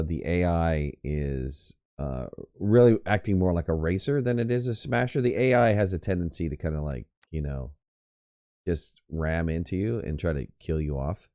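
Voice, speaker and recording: Male game streamer, deep mellow voice, unhurried rambling delivery full of stumbles and fillers. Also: no room sound, studio quality. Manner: rambling and hesitant, many fillers and stuttered restarts. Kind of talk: casual live-stream chat while gaming.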